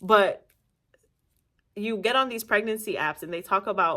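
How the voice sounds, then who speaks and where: Here a Nigerian vlogger in her young adult years speaks at a normal pace but pauses often, her pitch in the medium range. The story she tells is personal and casual, punctuated by laughter and acted-out dialogue.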